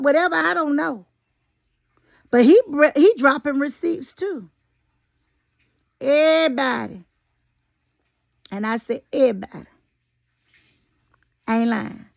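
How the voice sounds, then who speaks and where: A woman talks straight at her viewers in a folksy, sassy commentary. Her voice sits high and carries a gravelly rasp. The recording is dry and close, with no room sound. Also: expressive, moderate pace, no echo. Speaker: commentary vlogger. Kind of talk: casual opinion commentary.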